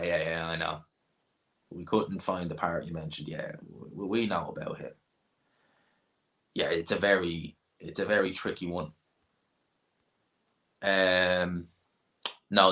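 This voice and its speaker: A man's voice: deep voice, fairly bright tone. A young Irishman, rambling casually while he answers chat questions on a boxing stream and repeats himself. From Ireland. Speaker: boxing channel host.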